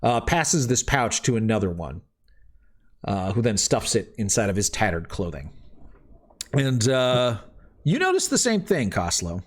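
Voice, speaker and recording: Male game master, loose rambling narration, animated pitch. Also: a little slow.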